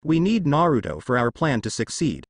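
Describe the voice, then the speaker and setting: A man voicing a calm, scheming male ninja who speaks with composed assurance in a fan-fiction audio story. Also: medium pitch, moderate pace, no room sound, studio quality.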